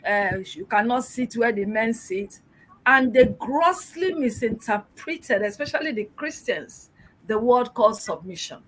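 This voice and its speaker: A woman's voice: on the high side, lively intonation, a little slow, fairly bright tone, rough recording. A middle-aged woman from Nigeria, a public relations expert answering interview questions in an emphatic, exhorting way, full of rhetorical questions.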